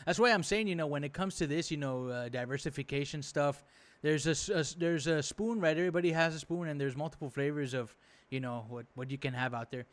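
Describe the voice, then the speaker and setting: Speaking fast in a highish voice, a man hosts a reaction video, rambling indignantly with plenty of fillers. He's exasperated and curses freely.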